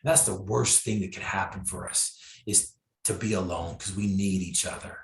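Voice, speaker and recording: A man's voice: deep voice, fairly even intonation, moderate pace, vocal fry. A man telling his story as a motivational speaker, emphatic and repeating key phrases for effect. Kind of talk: inspirational storytelling. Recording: echoey room.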